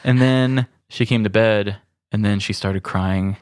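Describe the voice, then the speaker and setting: A man co-hosting a podcast, telling a story in a wry, deadpan way. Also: on the low side, a little slow, no echo, clean studio sound. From grew up on a farm. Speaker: podcast co-host. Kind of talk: casual storytelling chat.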